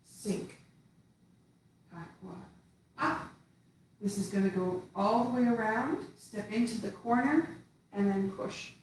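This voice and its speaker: Female tai chi teacher, unhurried spoken cues, recorded from a distance in a roomy space. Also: medium pitch. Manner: slow, calm counting of movement cues. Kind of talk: guided movement class. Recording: echoey room, far from mic, faint hiss.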